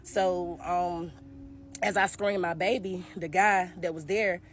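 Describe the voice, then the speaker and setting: A woman's voice: on the low side, steady tone, slight background noise. A woman telling a personal story straight to camera in a casual vlog, speaking earnestly and with feeling, often addressing the viewers directly. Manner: recounts events in a halting, emotional way. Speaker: vlogger telling her own story.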